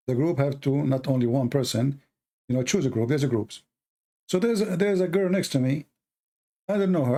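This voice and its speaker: A man whose first language is Arabic tells stories and argues in broken English, animated and laughing. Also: mid-range voice. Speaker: host. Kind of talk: casual storytelling and polemic.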